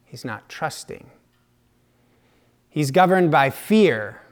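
A man preaching a sermon in a slow, reflective way, dropping now and then to hushed asides. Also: fairly high pitch, lively intonation.

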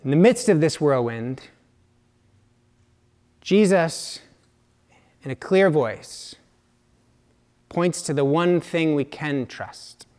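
A man preaching a sermon in a slow, reflective way, dropping now and then to hushed asides. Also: fairly high pitch, animated.

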